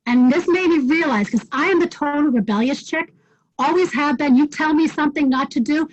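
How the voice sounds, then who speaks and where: High-voiced woman coaching over video call. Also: brisk, a little hiss or hum. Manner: direct, challenging, frequent "okay?" check-ins. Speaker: wellness coach teaching a class. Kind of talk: live online class talk. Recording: dull lo-fi video call audio.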